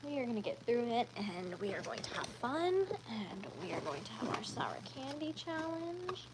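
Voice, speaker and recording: A woman chatting casually on a live stream, rambling along with frequent ums and quick self-corrections. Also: a little high, sing-song, background noise. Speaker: livestreamer.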